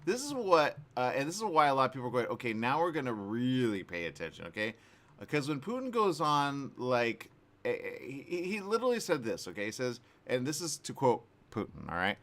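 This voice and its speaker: A man's voice: mid-range voice, brisk. A man hosting a morning radio talk show, chatting casually with lots of fillers and restarts. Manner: rambling, animated, many fillers and restarts. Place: radio studio.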